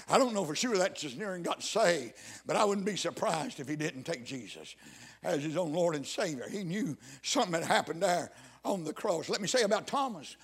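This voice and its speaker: A man preaching a fiery sermon, swinging from loud cries down to low, hushed tones. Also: lively intonation, normal speed, creaky, slightly rough.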